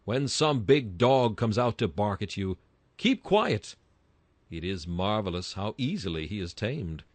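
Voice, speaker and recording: Fervent low-voiced man reading a sermon. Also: no room sound. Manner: emphatic, rising to bursts of fervor. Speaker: sermon reader. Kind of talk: read-aloud Victorian sermon.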